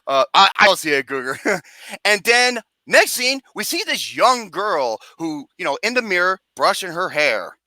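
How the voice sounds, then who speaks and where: A movie review host tears into a film in a profane, comedic rant, sarcastic and animated and frequently laughing. They speak at a moderate pace in a mid-range voice. The recording is dry.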